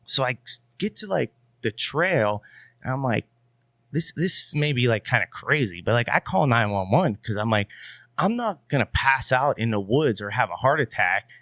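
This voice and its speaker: A man's voice: mid-range voice, normal speed, no echo, clean studio sound. A young adult man, a podcast guest, telling a long rambling story in casual talk with plenty of fillers. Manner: rambling, animated, many fillers.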